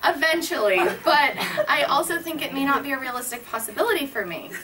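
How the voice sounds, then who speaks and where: High-voiced young woman reading a comic essay. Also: expressive, brisk, a crowd in the background. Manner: self-deprecating, laughs through her lines. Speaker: stage performer reading a personal essay. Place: live stage in front of an audience. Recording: distant mic, loud audience, noisy room.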